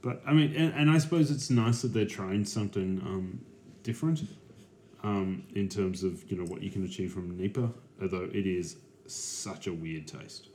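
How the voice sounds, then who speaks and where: Hesitant low-voiced man hosting a podcast. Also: moderate pace, a little mellow, slight background noise. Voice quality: hesitant, full of ums and restarts. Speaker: podcast host. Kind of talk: casual beer-review chat.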